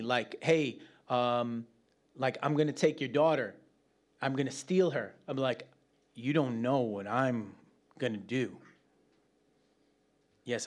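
A man preaching a conversational Bible teaching, animated and chatty, with joking asides to the room. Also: mid-range voice.

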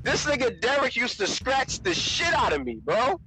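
A man's voice: extremely high pitch, normal speed, faint music behind, rough recording. A man co-hosting a casual chat, telling stories animatedly and laughing often. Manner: animated storytelling with frequent laughs. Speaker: podcast co-host.

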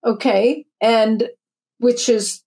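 A woman's voice: on the high side, steady tone, drawn-out words, mellow. A woman in her fifties or older, a spiritual teacher and author, telling her story in an interview in an earnest, chatty way with many restarts.

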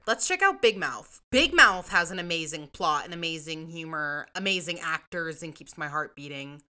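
A young woman with a bright, forceful tone and a slightly low voice for a woman. She reads reviews aloud in a casual vlog, reacts with sarcastic disbelief and swears freely. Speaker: vlogger reading reviews.

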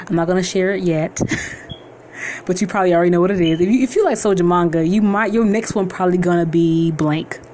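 A young woman hosting her own podcast, talking excitedly and rambling with lots of fillers and restarts. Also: on the low side, brisk, slight background noise. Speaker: podcast host. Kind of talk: casual solo podcast intro.

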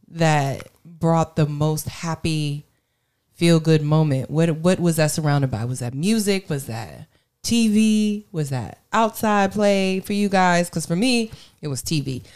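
A woman's voice: deep voice, animated, slow pace, darkish tone, clear, resonant tone. A woman co-hosting a podcast who brings up the topics and asks the others questions. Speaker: podcast co-host. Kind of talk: casual podcast chat.

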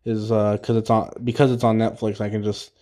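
A fairly low, mellow, level-toned voice belongs to a young man hosting a podcast, talking a little fast. He recaps the episode loosely, with lots of fillers and false starts, laughing at his own jokes.

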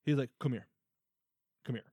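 A man's voice: normal speed, dark tone, dry recording. A man co-hosting a podcast, telling a story in casual chat, swearing and laughing as he goes. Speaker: podcast co-host.

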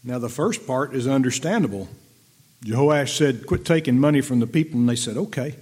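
A man's voice: medium pitch, a little mellow, husky. A middle-aged man preaching a folksy, conversational sermon and reading verses aloud. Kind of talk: sermon teaching from scripture.

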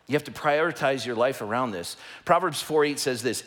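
A middle-aged man preaching a sermon as pastor, passionate and emphatic, often lifting his voice close to a shout. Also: medium pitch, a little fast, few pauses.

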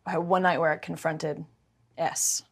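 A woman telling a personal story in casual conversation, emotional and animated, often stumbling and restarting her sentences. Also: sits low, normal speed, vocal fry, slightly rough.

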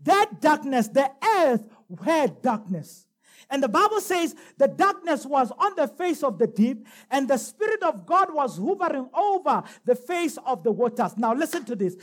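High, lively woman preaching. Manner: emphatic preaching, slows down to read scripture aloud. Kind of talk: sermon.

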